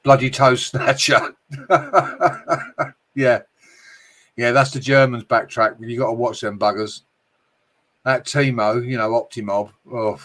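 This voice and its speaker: Casting: middle-aged British male streamer, jokey and sweary, chatting to viewers, mid-pitched voice. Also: slow, pauses often, fairly bright tone. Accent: British English. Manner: jokey, swearing, frequent laughs. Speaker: livestream host reading chat. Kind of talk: casual livestream chat.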